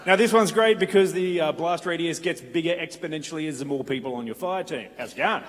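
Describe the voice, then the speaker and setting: A man's voice: on the high side, brisk. An Australian man co-hosting a convention panel, dryly explaining silly made-up game perks and laughing along. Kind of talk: comedic live panel banter. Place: convention hall stage. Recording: live hall with reverb and faint hiss.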